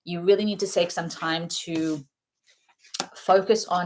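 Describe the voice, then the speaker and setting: Woman, young adult, lowish voice, casual rambling card reader, chatty with frequent laughs. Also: fairly even intonation, slow, slight background noise. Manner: chatty, rambling, laughs often between thoughts. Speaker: tarot reader. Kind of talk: casual spoken oracle card reading.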